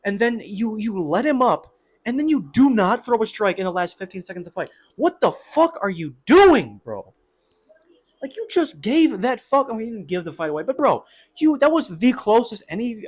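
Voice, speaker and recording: A young man giving a casual, excitable fight breakdown, full of slang and swearing. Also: sits high, fairly quick. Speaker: MMA commentator.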